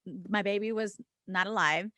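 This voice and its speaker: A woman co-hosting a casual podcast, speaking candidly and with feeling as she tells a personal story. She acts out the dialogue of others, drops the occasional swear word, and sits in a mid-range pitch. The recording is dry and close, with no room sound. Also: moderate pace, bright, forceful tone, no room sound. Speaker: podcast co-host.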